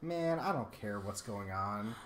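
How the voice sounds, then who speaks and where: Expressive and unhurried, this woman's bass voice playfully ribs her partner while co-hosting a gameplay video. Crowd noise and a roomy echo fill the recording.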